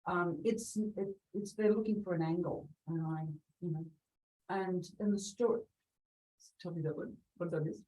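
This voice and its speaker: A woman's voice: lowish voice, steady tone, normal speed, mellow. A middle-aged woman telling stories as an interview guest, chatty and laughing often, voicing the people she quotes. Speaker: real estate agent guest. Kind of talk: conversational interview. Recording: distant from the mic.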